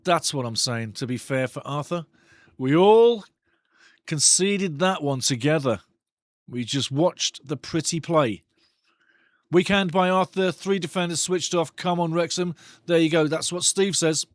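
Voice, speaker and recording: A man hosting a live football watch-along, commentating excitedly on the match and chatting with viewers' comments. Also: a little high, measured pace, no echo.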